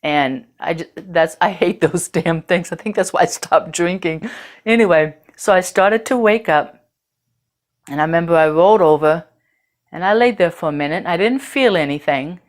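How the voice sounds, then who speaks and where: A woman's voice: fairly low pitch, moderate pace. A woman host telling a personal story in a candid, earthy way, with casual swearing.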